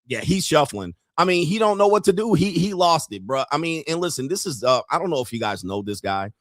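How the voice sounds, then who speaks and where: A man's voice: fairly high pitch, sing-song, fairly quick, no room sound, clean studio sound. A man streaming, reacting to clips in casual, mocking commentary and laughing often.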